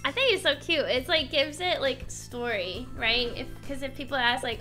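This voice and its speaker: A woman's voice: high-pitched, moderate pace, few pauses, pushed and bright. A young woman streaming a game, chatting casually and rambling as she thinks aloud, with many fillers and restarts. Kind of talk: casual chat while gaming. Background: game music.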